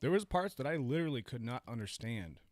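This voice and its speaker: A man's voice: mid-range voice, big pitch swings, fast, dry recording, clean studio sound. A young man co-hosting a podcast in casual, laid-back chat, explaining his point of view. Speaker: podcast co-host.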